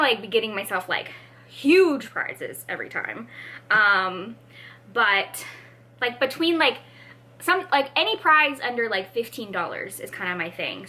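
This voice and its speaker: Bright-voiced, animated young woman vlogger. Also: mid-range voice. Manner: animated, dramatic, many fillers. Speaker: book vlogger. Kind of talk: casual vlog chat.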